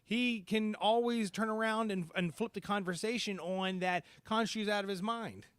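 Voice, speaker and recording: Man, podcast co-host, casual review chat, bright voice, rambling with fillers. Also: high-pitched, moderate pace, smooth, no room sound. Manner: rambling, many fillers and restarts.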